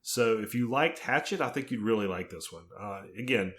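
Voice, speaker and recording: Guy with a lowish voice doing podcast movie reviews, steady and laid back. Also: brisk. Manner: steady, methodical plot summaries. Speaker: podcast co-host. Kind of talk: casual film review chat.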